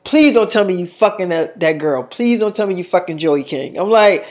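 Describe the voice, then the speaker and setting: A man's voice: high-pitched, lively intonation, moderate pace. A man casually telling a rambling, profane story to his viewers, acting out both sides of a conversation. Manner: profane, rambling, acts out dialogue.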